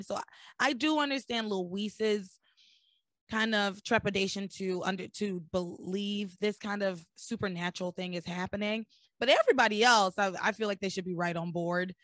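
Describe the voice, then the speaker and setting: Hoarse woman, voice gone deep. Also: dry recording, clean studio sound. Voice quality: deeper than usual. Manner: animated, joking, laughs often. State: hoarse, losing her voice. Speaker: podcast host. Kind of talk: casual chat recapping a soap opera.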